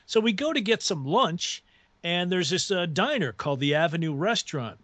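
A man with a fairly high voice tells a casual, rambling story as a guest on a talk radio show. He chuckles often and restarts his phrases. The sound is close and dry, with no room around it. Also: sing-song, moderate pace, fairly bright tone, no echo.

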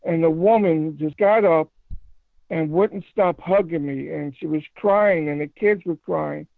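A man telling a paranormal story in a casual phone interview, rambling and halting with many restarts. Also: a little high, dry recording. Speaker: paranormal investigator guest. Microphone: phone call. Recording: tinny phone line, fry.

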